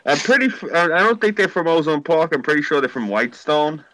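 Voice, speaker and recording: A man's voice: fairly high pitch, very animated, fast talker, bright, forceful tone, no room sound, low-quality recording. A man from Queens, telling rambling, profane stories as a podcast host in casual chat. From Queens, New York.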